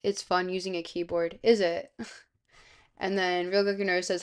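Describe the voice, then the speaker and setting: A young woman from South Florida, streaming and chatting casually, with vocal fry and a slightly hoarse, sick voice, rambling with lots of fillers. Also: lowish voice, level tone, normal speed. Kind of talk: casual live-stream chat. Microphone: close streaming microphone.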